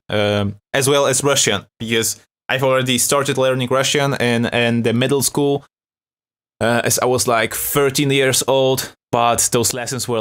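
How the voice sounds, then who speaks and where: A young Polish man hosts a live music-production stream in English. He speaks with a Polish accent and a mid-pitched voice, chatting loosely, greeting viewers and laughing often as he reads their messages out. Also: fairly bright tone. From Poland. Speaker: beat-making livestream host. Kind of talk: casual live-stream chat.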